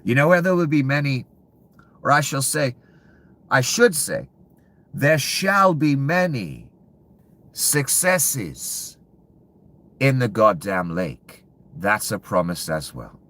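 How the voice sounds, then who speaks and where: A man delivering a profane, angry political rant to viewers, dropping to low mutters and then bursting out loud. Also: big pitch swings, slow, pauses often. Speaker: commentary channel host.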